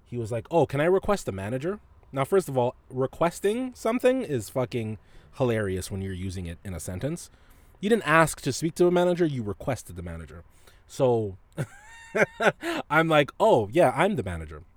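A man's voice: medium pitch, very animated, moderate pace, dry recording. A man hosting a podcast, telling a story in a casual, profane way and laughing often. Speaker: podcast host.

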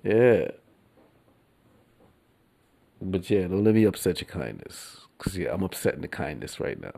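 Male solo podcaster, dark gravelly voice, slangy and profane. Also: low-pitched. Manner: slangy, profane, laughs between lines. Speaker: podcast host. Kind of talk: casual solo podcast talk.

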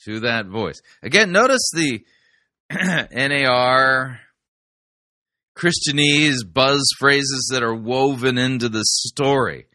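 Skeptical bright-voiced male commentator. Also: medium pitch, expressive, takes it slowly, dry recording. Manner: dry and skeptical. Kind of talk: critical commentary.

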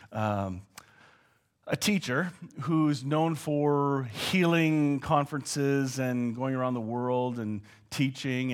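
A Canadian man preaching a sermon, animated and joking, sometimes dropping to a hushed tone. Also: mid-range voice. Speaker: pastor.

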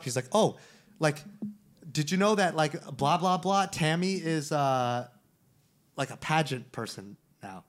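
Podcast host guy, fairly high voice, swears a lot, jumps into quoted voices mid story. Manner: profane, animated, acts out quoted dialogue. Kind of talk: casual storytelling chat.

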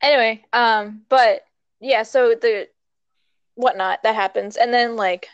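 A young woman talks through a movie plot in a loose, rambling way, full of fillers and asides. Her voice sits at a middle pitch. The sound is dry and a little dull, as if recorded close in a small space. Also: takes it slowly, clear, resonant tone, no echo. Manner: rambling, expressive retelling with many fillers. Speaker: movie recap talker. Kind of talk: casual chat.

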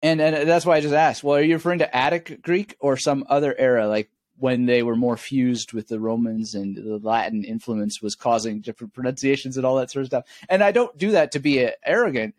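A man's voice: medium pitch, no room sound. Man explaining memory techniques, dry sound. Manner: storytelling, wry, laughs at himself. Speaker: memory expert guest. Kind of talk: explanatory interview talk.

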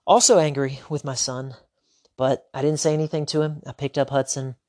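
A man in his thirties with a light drawl talks through a solo podcast episode. He poses rhetorical questions and tells a family story in a conversational way. His voice sits at an ordinary pitch and is recorded dry and close, with no room sound. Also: level tone, fairly quick, a little mellow, no echo. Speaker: podcast host.

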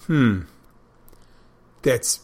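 Speaking extremely slowly in a darkish tone, this man hosts a show and talks to his audience in a loose, wandering monologue. He frequently corrects himself and drifts off track.

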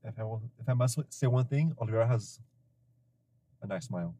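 A man's voice: fairly low pitch, fairly quick, dark tone, slight background noise. A man co-hosting a casual podcast, dropping short, dry one-liners and questions. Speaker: podcast co-host.

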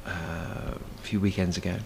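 A man's voice: low voice, little pitch movement, a little slow, vocal fry, a little mellow, a little hiss or hum. A man, a stage performer, chatting as a guest in a casual cafe interview, rambling with many fillers and restarts.

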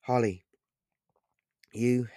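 A man's voice: mid-range voice, fairly even intonation, mellow, no echo, studio quality. A man doing a breathless, shaken bar regular. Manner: rushed, halting.

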